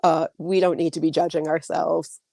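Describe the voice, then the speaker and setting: A woman's voice: low voice, little pitch movement, normal speed, gravelly, mellow, no room sound, studio quality. A woman author answering interview questions in a chatty way, full of likes and restarts, over a video call. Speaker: author guest.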